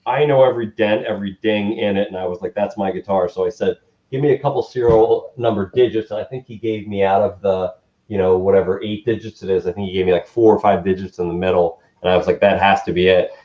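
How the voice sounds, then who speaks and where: A man telling a story as an interview guest, animated and acting out what people said, with laughs. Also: low-pitched, quick pace. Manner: animated, acts out quotes with laughs. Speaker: guest musician. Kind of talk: casual storytelling. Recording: dull lo-fi sound.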